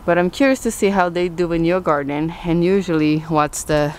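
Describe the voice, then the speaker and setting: A woman giving a casual tour of her backyard garden, chatting with viewers and thinking out loud as she goes. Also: lowish voice, moderate pace, slight background noise. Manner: chatty, thinks aloud with restarts, addresses viewers. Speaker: gardening vlogger.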